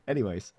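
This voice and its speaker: A man chatting casually on a live stream, rambling and swearing, with sudden squeaky high bits. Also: mellow, dry recording.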